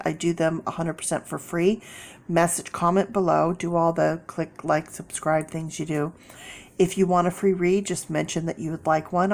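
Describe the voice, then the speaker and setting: Sniffly low-voiced woman tarot reader. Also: darkish tone, slight background noise. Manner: chatty, encouraging, rambling. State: sick, sniffly voice. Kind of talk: casual tarot reading.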